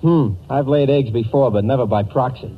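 A man starring in a 1940s radio comedy, trading quick wisecracks. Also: medium pitch. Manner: wisecracking, quick ad-lib delivery. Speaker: star of the show. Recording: hissy, muffled old radio broadcast.

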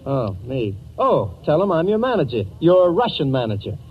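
A man's voice: a little high, big pitch swings, husky. Wisecracking man in an old radio comedy. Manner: wisecracking, quick ad-lib delivery. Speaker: star of the show. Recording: hissy, muffled old radio broadcast.

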